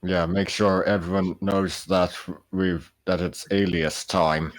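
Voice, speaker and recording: A man with a very low voice speaks slowly and hesitantly as a tabletop game player. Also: flat delivery. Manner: slow, hesitant. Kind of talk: casual game chat.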